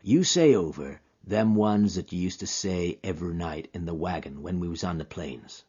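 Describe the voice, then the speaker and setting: A man voicing a weary, gentle old frontiersman who talks in a drawling frontier dialect, in a lo-fi recording. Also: low-pitched, expressive, moderate pace, breathy edge. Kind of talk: audio drama acting. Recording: dull lo-fi recording.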